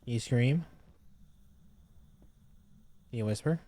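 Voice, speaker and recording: A man's voice: medium pitch, slow, dark tone. A man streaming a game live, chatting casually, calling out to the ghost and grumbling about game updates. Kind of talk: casual live gameplay commentary.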